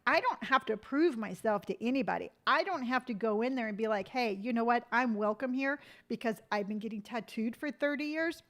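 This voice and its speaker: A middle-aged woman with a somewhat high voice chats casually on a live stream. She tells loose, rambling stories full of fillers. She breaks off to answer viewer comments. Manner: chatty, rambling storytelling with many fillers; reads viewer comments aloud and answers them. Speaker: lifestyle vlogger hosting a live stream.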